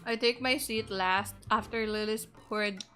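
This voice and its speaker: A woman's voice: mid-range voice, steady tone, a little slow, bright, forceful tone, soft background music. A woman voicing a reserved young male student who narrates a visual novel plainly and reflectively.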